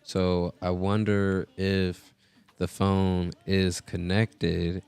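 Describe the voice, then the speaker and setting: A man's voice: low voice, level tone, very slow, a little mellow, clear, resonant tone. A man hosting a casual live stream, rambling with many filler words as he talks into a podcast mixer setup. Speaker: host.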